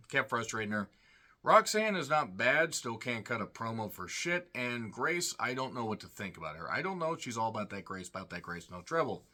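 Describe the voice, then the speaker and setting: A man's voice: lowish voice, bright, forceful tone. A man giving a rambling, sarcastic solo review of a wrestling show, full of snarky asides. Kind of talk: casual solo review commentary.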